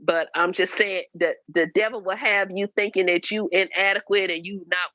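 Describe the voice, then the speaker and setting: A woman in her fifties, the host's mother appearing as a guest, tells her daughter the story of her life with candor. She talks earnestly and repeats herself, now and then slipping into preaching, her medium-pitched voice fairly level at a moderate pace. The recording is dry and a bit dull, with a lo-fi quality.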